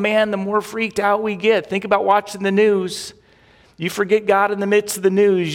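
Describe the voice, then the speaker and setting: A man preaching a sermon as pastor, animated and emphatic, with many rhetorical questions. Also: high voice. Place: church sanctuary. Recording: long hall reverb.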